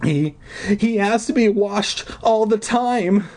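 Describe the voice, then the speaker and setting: A man's voice: high-pitched, animated, slow, a little mellow, voice pushed up, heavily acted. Man putting on a sobbing frightened young girl. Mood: pleading. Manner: tearful, pleading.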